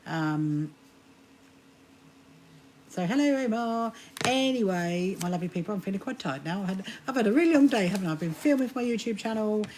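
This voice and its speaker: A woman's voice: mid-range voice, lively intonation, fairly quick, a little mellow, a little hiss or hum. A woman hosting a sewing live stream, chatting casually and rambling through restarts as she talks to viewers. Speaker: sewing livestream host.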